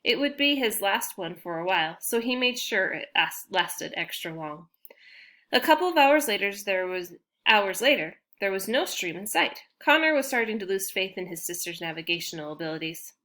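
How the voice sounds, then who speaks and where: A woman's voice: lowish voice, expressive, moderate pace, few pauses, bright, forceful tone. A woman narrating a children's fantasy chapter as an audiobook reader, reading steadily and now and then restarting a phrase. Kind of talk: storybook narration.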